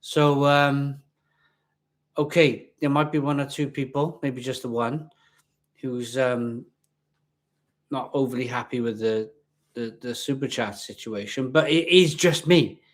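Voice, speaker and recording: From home, a man hosts a live beer tasting, chatting casually to viewers in front of his laptop and often repeating himself. Picked up by the laptop webcam, his mid-range voice stays steady and unhurried, with frequent pauses.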